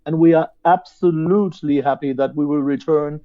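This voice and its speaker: A man's voice: on the high side, moderate pace, phone-quality sound. A male musician giving enthusiastic interview answers, restarting words as he talks, over a remote line. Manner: enthusiastic, repeats words as he starts sentences. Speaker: band singer and guitarist, interview guest.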